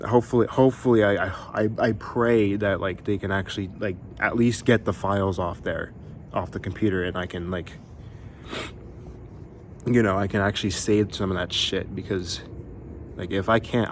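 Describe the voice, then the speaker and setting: With a lowish voice and some slight background noise, a young man who makes music videos vents to his viewers on camera. His delivery is rambling and exasperated, full of fillers and cursing.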